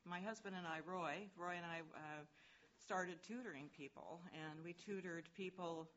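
A woman's voice: deep voice, a bit bright. An older woman telling an audience a chatty, affectionate personal story, laughing now and then. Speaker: speaker sharing a personal story. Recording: dull, muffled recording with faint noise.

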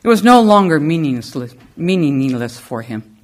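A middle-aged woman giving a lively, storytelling spiritual talk to a congregation. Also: normal speed. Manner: lively storyteller with animated pitch. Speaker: service leader.

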